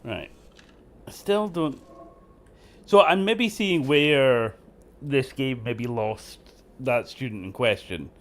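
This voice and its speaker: A man's voice: medium pitch, slow, pauses often. A man giving casual, joking commentary while playing a game, laughing often and poking fun at himself. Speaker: game streamer host.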